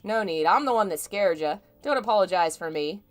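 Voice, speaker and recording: A woman reading the lines of a gruff, rough-edged male pilot in a loud, brusque, swearing manner, with a put-on Southern drawl. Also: medium pitch, lively intonation, brisk, faint music behind, natural voice.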